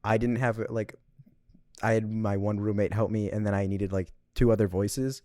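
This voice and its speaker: A young man with a lowish voice, chatting as a podcast guest. He rambles loosely with many fillers. The sound is dry and close to the mic. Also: fairly even intonation, moderate pace, dark tone, dry recording. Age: young adult. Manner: rambling, filler-heavy storytelling. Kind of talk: casual chat.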